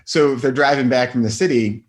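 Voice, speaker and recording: A man's voice: medium pitch, fairly quick, a little hiss or hum. A middle-aged man, a doctor and podcast guest, telling stories in casual chat and acting out what people said. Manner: animated storyteller, acts out quotes with laughs.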